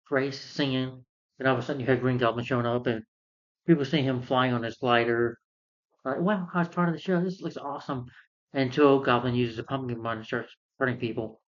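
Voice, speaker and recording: A man talks through a film review in a loose, rambling way, walking through the plot scene by scene and slipping into quoted lines. His voice sits at an ordinary middle pitch. The recording is dull and lo-fi. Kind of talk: casual spoken film review.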